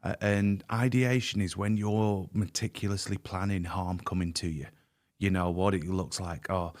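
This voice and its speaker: A man with a slightly low voice speaks candidly as a podcast guest. He is earnest and emphatic, and he often doubles back on his words as he makes his point. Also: steady tone, moderate pace, a little mellow.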